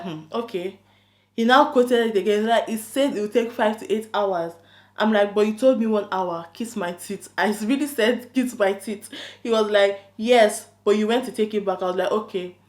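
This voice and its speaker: A woman tells a story to camera in a casual, animated way. She keeps acting out her own lines and the other person's. Her voice sits at a middle pitch and rings in an echoey room. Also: fairly quick. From London. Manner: animated, quotes both sides of a chat, frequent "I'm like". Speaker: YouTuber telling a story.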